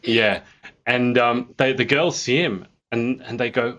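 A man's voice: medium pitch, a little slow, fairly bright tone. An Australian man co-hosting a casual podcast chat, teasing and telling stories in a chatty way. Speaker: podcast co-host. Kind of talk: casual group chat on a video call.

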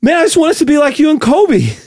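A man puts on a huffing, streetwise movie tough guy who sounds winded on every line. The pitch jumps up and down a lot, and the sound is close and dry. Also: sing-song, fast, darkish tone, no echo, heavily acted. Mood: breathless. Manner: acts out of breath, streetwise. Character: a male movie star impression, tough and breathless. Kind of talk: comedy impression.

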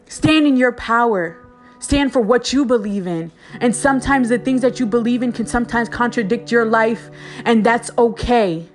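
A woman's voice: on the high side, moderate pace, soft background music. A woman giving a fervent faith-filled pep talk straight to her viewers, repeating phrases for emphasis. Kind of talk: impassioned faith monologue to viewers.

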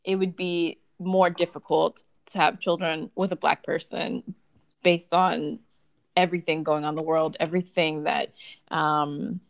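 A woman's voice: deep voice, little pitch movement, measured pace, gravelly. A woman in casual conversation, telling personal stories expressively with laughing asides.

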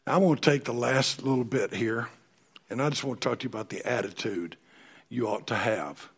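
A middle-aged man preaching a sermon in a folksy, emphatic way, often dropping to a soft voice. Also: mid-range voice, a little fast, gravelly, breathy edge. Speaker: pastor.

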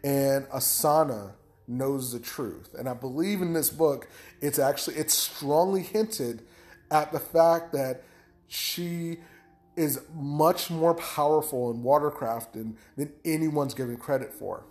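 Guy rambling through a book recap, voice on the higher side, lots of ums. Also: slow pace, darkish tone. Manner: rambling, hesitant, lots of fillers.

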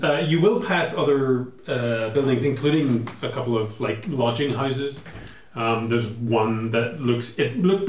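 A man narrating as game master of a tabletop game, rambling and hesitant with many fillers. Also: mid-range voice. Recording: echoey room with faint ambient noise.

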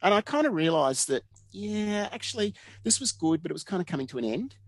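A man in his fifties with an Australian accent tells stories in a relaxed interview. His pitch swings freely as he talks, and he often laughs and acts out the people in his stories. The recording sounds close and dry. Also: fairly quick, dry recording. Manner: animated, laughs often, acts out quoted dialogue. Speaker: interview guest, surveyor. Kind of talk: casual storytelling interview.

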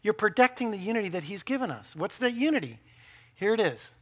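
A man preaching a sermon as pastor, animated and joking with the congregation, acting out quoted voices of people arguing. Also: high-pitched, quick pace.

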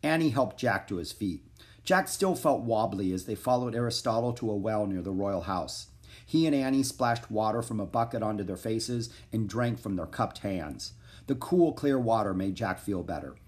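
A man narrating a children's book in an expressive storytelling voice. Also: on the low side, normal speed. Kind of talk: children's audiobook reading.

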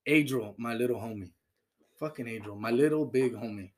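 A man's voice: mid-range voice, a little fast, a little mellow, slight background noise. A young man in casual, profane chat, praising his friends with slang and frequent laughs. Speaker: team member talking about teammates.

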